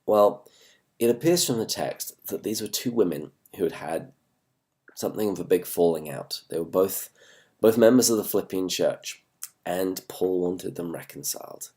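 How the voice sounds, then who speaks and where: Deep-voiced Englishman with a worn voice. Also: animated, a little mellow. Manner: measured, earnest, with slow stresses on key words. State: voice worn from recent illness. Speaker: host and Bible teacher. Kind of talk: Bible study talk. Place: home.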